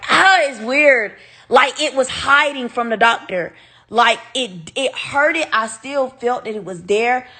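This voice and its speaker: A woman's voice: mid-range voice, fairly bright tone. A woman from the United States, vlogging a casual storytime straight to her viewers, emphatic and swearing freely.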